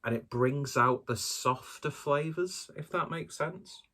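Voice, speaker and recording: A man's voice: fairly high pitch, slow, sharp tone. A man doing a casual solo beer review, talking in a rambling, hesitant and self-deprecating way.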